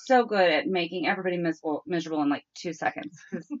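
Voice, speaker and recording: A middle-aged woman with a somewhat low voice chats on a podcast, telling stories about her kids and mimicking what they said. The audio is dull and lo-fi. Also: very fast, a crowd in the background. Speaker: podcast co-host. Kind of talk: casual chat.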